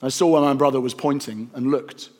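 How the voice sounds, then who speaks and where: A man narrating a rhyming story in a gentle, rhythmic storytelling manner. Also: medium pitch, fairly even intonation, brisk.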